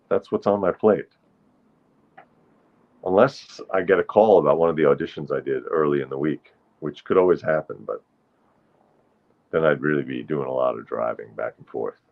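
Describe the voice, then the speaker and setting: A man hosting a casual solo livestream, chatting in a rambling way with viewers in the chat and now and then singing slowly to a ukulele. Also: very deep voice, fairly even intonation, gravelly, muffled recording. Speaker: livestream host.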